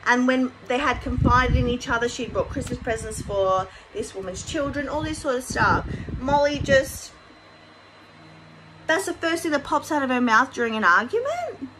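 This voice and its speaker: A woman's voice: a little high, background noise. A woman hosting a casual commentary vlog, rambling with many fillers and restarts. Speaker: commentary channel host.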